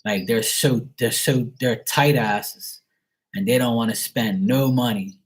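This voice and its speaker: A man's voice: mid-range voice, a little slow. Blunt, foul-mouthed man venting. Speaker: online tarot reader and host. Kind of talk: casual chat.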